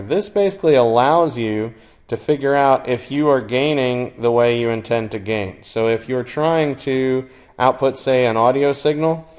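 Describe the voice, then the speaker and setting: A man lecturing on electronics, explaining steadily with occasional fillers. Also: mid-range voice. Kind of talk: recorded engineering lecture.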